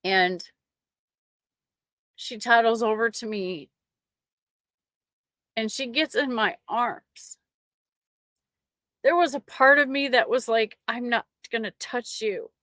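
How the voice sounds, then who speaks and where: A middle-aged woman sharing a personal faith testimony with an online audience, emotional and halting, often restarting her sentences. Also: fairly high pitch, fairly bright tone, no room sound, clean studio sound.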